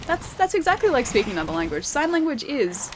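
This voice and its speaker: A woman's voice: sits high, very animated, fast talker, noisy background. A young woman streaming a game, chatting loosely with her viewers and reading their messages, with lots of fillers and laughs. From Australia. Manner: chatty, rambling, laughs often, many fillers. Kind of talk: casual gameplay commentary with chat reading. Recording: game music behind voice. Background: game music.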